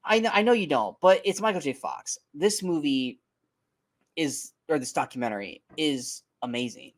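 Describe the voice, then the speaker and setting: A man co-hosting a casual movie review podcast, talking in an animated, emphatic way, swearing freely and tripping over his words. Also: fairly high pitch, moderate pace. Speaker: podcast co-host.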